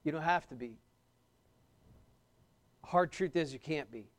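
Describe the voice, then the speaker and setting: A man's voice: on the high side, a little slow. A young man preaching a sermon as a pastor, emphatic, repeating key phrases and questioning his listeners.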